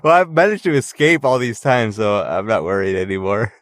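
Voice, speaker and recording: A man's voice: on the low side, brisk, a bit bright, no room sound. A man co-hosting a podcast, reacting to ghost stories with wry jokes. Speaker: podcast co-host. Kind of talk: casual chat.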